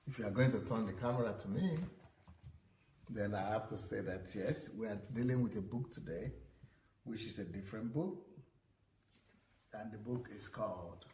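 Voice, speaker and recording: A man's voice: lowish voice, moderate pace, long pauses, a little mellow. A man, a pastor and author, presenting his book to a live audience and repeating phrases for emphasis. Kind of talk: sermon-style book presentation. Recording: echoey room, faint noise.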